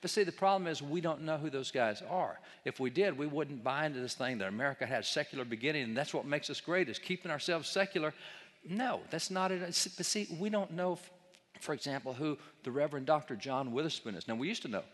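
A man's voice: on the high side, lively intonation, fast talker. Emphatic man lecturing in a reverberant hall. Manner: emphatic, rhetorical, mocking quoted opponents. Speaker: speaker on history. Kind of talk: lecture with slides to an audience.

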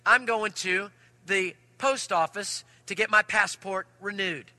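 A man preaching a sermon, telling a personal story in an animated way that swings from loud to hushed. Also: sits high, a little slow, no echo. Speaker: pastor.

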